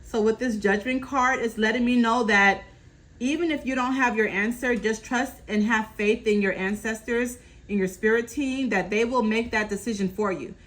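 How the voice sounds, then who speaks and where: A woman doing a casual tarot reading, calmly relaying messages from spirit and often checking in with her listener. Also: a little high, moderate pace, poor audio. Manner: reassuring, keeps checking in with "okay?". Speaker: tarot reader.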